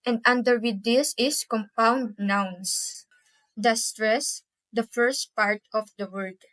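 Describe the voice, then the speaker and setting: Brief: young woman student presenter, slightly high voice, very slow and deliberate, repeats each example word twice, dry close sound. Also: steady tone, fairly bright tone, dry recording, rough recording. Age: young adult. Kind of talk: class presentation on pronunciation.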